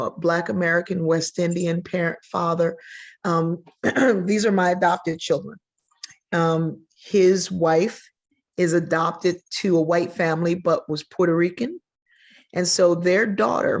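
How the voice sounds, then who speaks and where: An older woman, a sociologist guest on a podcast, telling stories with energy and acting out the voices she quotes. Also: on the low side. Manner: animated, acts out quoted voices. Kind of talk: storytelling in a podcast interview.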